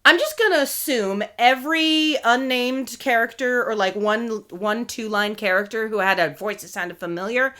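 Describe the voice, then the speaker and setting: Bright, animated woman podcast co-host. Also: fairly high pitch. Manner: animated, laughing, slips into quick character impressions. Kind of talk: casual chat.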